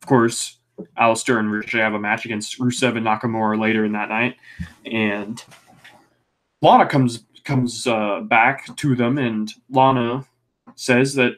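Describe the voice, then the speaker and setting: A man's voice: mid-range voice, fairly even intonation, moderate pace, fairly bright tone. Rambling man reviewing wrestling casually. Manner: rambling, frequent ums and restarts, swearing. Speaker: podcast co-host.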